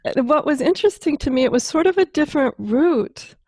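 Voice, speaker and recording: A woman's voice: high voice, animated, a little fast, darkish tone, no room sound, clean studio sound. A woman hosting a podcast, reacting with breathless wows and asking long, rambling questions. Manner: effusive, exclaims wow, asks long rambling questions. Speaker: podcast host. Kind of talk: podcast interview.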